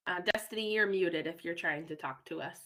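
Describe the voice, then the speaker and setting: A woman's voice: fairly low pitch, brisk, a bit bright, rough recording. A woman on a video call hosting a reading session, easygoing between readers. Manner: easygoing, repeats "all right" between readers. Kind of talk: casual online class hosting.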